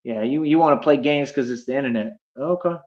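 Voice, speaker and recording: A man's voice: medium pitch, a little fast, darkish tone. A man livestreaming, ranting at his chat in a boastful, confrontational, slangy way. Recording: dull lo-fi stream audio.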